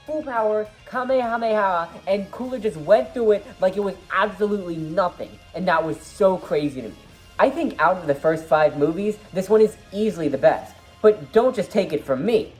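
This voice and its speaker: A woman's voice: mid-range voice, moderate pace, darkish tone, soft background music. A woman giving a casual movie review vlog, rambling and enthusiastic with lots of fillers.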